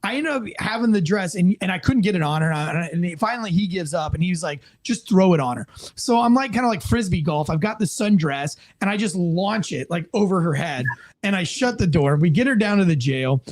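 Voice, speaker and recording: An American man and former police officer telling a story in a casual interview, animated and profane, acting out the people in it. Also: high voice, fairly quick. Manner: animated, profane, acts out quoted voices.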